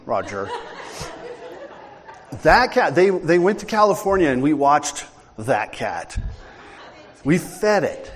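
Lively-voiced man preaching in a reverberant hall. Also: a little high, takes it slowly, long pauses. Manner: conversational storytelling, joking with congregation. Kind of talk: sermon.

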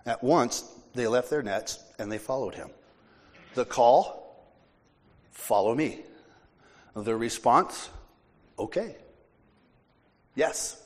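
A man's voice: medium pitch, slow pace, pauses often. Emphatic male preacher in reverberant hall. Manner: emphatic, forceful preaching with casual asides. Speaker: pastor. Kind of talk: sermon.

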